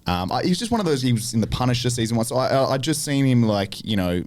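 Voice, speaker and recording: Fast-talking man, lively storyteller. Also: medium pitch. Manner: animated storytelling with lots of swearing. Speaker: podcast guest, actor. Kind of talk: casual chat.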